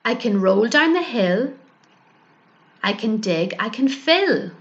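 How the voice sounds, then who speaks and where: A woman's voice: fairly high pitch, very animated, takes it slowly, muffled recording. A woman doing a childlike little bear. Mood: proud. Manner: childlike and pleading. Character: little male bear, childlike, eager and easily upset.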